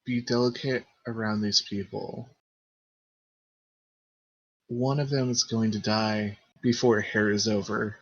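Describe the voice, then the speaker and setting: A man voicing a discreet woman guide who speaks quietly and carefully. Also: fairly low pitch, little pitch movement, takes it slowly, pauses often, slightly rough, muffled recording, exaggerated voice. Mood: cautionary.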